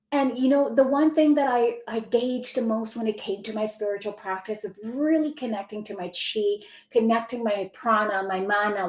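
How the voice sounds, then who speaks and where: A woman acting as a spiritual mentor chats on a casual home livestream, effusively welcoming viewers by name and laughing a lot. Her pitch is fairly high, and the rough recording has a roomy sound.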